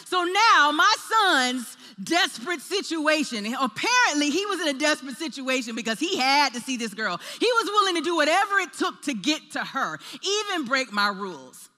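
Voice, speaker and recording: Animated woman preaching in an echoey hall. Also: high voice, normal speed, hardly any pauses. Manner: animated storytelling, acts out voices in quotes. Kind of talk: sermon with personal story.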